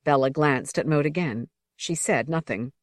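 A woman narrating an audiobook in an even, measured reading. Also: sits low, no echo, studio quality.

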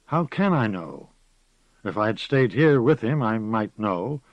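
A man voicing a weary, earnest woman who speaks softly and pleadingly. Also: fairly low pitch, sing-song, measured pace, no room sound. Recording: slightly muffled recording.

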